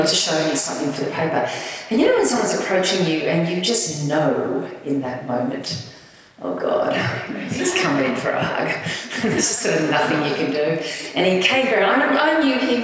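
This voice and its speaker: A woman's voice: on the low side, a little hiss or hum. A middle-aged woman, telling anecdotes as an author at a live event. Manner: animated anecdotal storytelling with laughs. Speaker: author and guest speaker. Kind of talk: live stage conversation, storytelling. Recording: echoey hall from far off.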